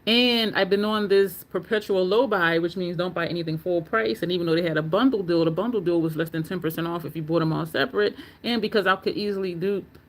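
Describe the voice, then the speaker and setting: A woman with a low voice talks fast as she hosts a casual beauty livestream. She reacts to viewer comments with loose, opinionated rambling, often saying um and starting her sentences over.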